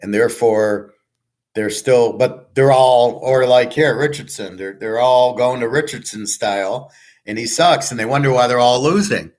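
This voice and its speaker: A man's voice: mid-range voice, normal speed, darkish tone. A middle-aged man hosting his own show, talking casually in a blunt, digressive way and swearing often. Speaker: host. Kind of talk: casual rambling talk.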